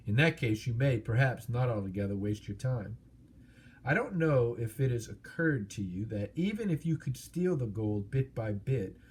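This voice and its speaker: A vast, proud old dragon boasts and mocks in a slow, husky voice, as a man reads him aloud. He savors each grand claim with wily menace, like a storybook villain. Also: medium pitch, darkish tone.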